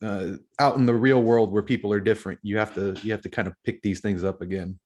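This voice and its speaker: A man's voice: lowish voice, steady tone, fast talker, a little mellow, a little hiss or hum. A man co-hosting a casual book discussion podcast, reflective, asking questions and adding his own commentary. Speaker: podcast co-host.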